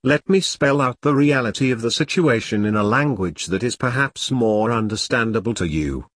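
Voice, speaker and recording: A man doing a smarmy, posh lord who chirps his cruel remarks with breezy cheer. He is drawn from a dark comic storybook, recorded close and dry. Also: mid-range voice, expressive, normal speed, no room sound. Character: smarmy upper-class English lord, cheerfully callous.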